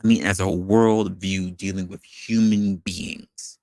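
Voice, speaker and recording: A man hosting an opinion show, talking in an animated, rhetorical way and posing questions to his audience. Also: deep voice, slow pace, no echo, clean studio sound. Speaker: podcast host. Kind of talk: opinion commentary monologue.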